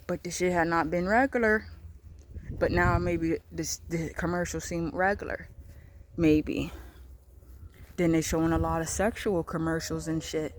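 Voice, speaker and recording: A woman's voice: fairly low pitch, steady tone, unhurried, pauses often, a little hiss or hum. A woman vlogging in a rambling monologue, repeating herself and swearing as her thoughts wander. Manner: rambling, repetitive, profane, loose trains of thought.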